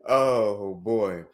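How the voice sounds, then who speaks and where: A man hosting an interview, joking playfully and teasing his guest with questions. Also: fairly low pitch. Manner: jokey, playful. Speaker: host. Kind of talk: casual interview chat.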